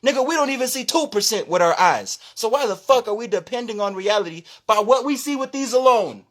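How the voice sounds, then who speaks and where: A man giving an impassioned, profane live-stream rant as a spirituality content creator, loud and preachy, dropping from shouts to low asides. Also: animated, fairly quick.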